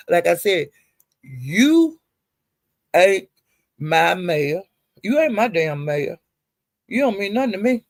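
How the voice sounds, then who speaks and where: A woman's voice: fairly low pitch, dry recording. A woman live streamer in a casual, rambling rant, swearing freely and greeting viewers in the chat.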